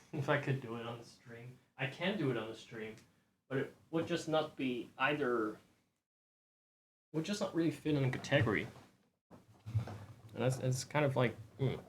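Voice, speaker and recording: Male streamer with a mid-range voice, soft, rambling, self-deprecating, low-key chat. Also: a little hiss or hum. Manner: soft-spoken, rambling, self-mocking with light laughs. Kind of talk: quiet casual chat.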